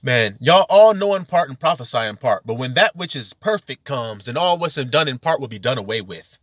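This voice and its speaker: A man delivering a heated, profane spiritual rant, preachy and confrontational, with sudden loud outbursts. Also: mid-range voice, expressive, moderate pace, no room sound, studio quality. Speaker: religious video commentator.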